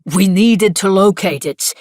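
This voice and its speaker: A woman reading the lines of a calm, steady man on a wildlife team in an audiobook. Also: mid-range voice, unhurried, dry recording, studio quality, lightly acted. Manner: calm, reasoning.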